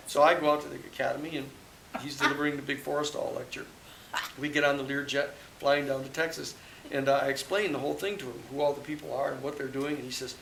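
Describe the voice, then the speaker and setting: At a book talk with audience questions, a male public interest lawyer tells long, rambling stories full of restarts and "you know." His mid-range voice is fast, flat, gravelly, and a bit bright, recorded in an echoey hall with a live audience and faint hiss.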